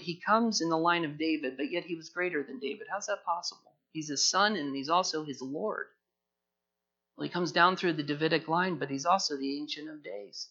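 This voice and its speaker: A pastor delivers an earnest, emphatic sermon in a high, bright voice with a forceful edge, building his points through repeated phrases at a normal speed. The audio sounds dull and lo-fi.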